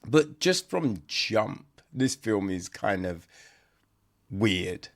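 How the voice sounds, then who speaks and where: Guy rambling through a movie review on his podcast, slow talker, voice jumps up and down a lot, keeps saying right? and swears. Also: fairly low pitch, animated. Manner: rambling, conversational, peppered with "right?" and "you know"; blunt, swears for emphasis. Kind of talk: casual podcast chat.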